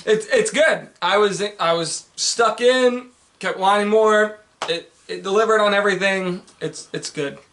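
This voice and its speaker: Blunt, swearing guy with a high bright voice. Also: unhurried, slight background noise. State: tipsy. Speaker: podcast co-host. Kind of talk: casual movie chat.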